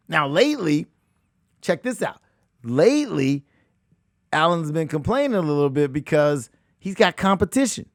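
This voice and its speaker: A man hosting a money talk show as a real estate coach, talking emphatically, repeating phrases and swinging between loud outbursts and hushed asides. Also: fairly high pitch, sing-song, moderate pace, no room sound, clean studio sound. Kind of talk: animated motivational talk.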